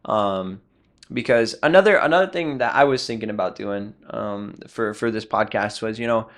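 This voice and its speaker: A man's voice: on the low side, normal speed. Joking man co-hosting a podcast. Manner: joking, rambling, self-deprecating. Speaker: podcast co-host. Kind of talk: casual chat.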